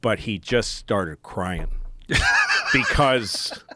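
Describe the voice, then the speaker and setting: A man's voice: on the low side, wildly swooping pitch, extremely slow, noisy background. A man co-hosting a podcast, telling rambling school stories in casual chat and laughing often, recorded on a studio mic. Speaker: podcast co-host.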